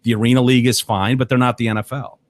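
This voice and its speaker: A man's voice: medium pitch, flat delivery, quick pace. A man co-hosting a podcast, chatting bluntly about sports and TV, often swearing and ranting. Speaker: podcast co-host. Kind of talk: casual sports chat.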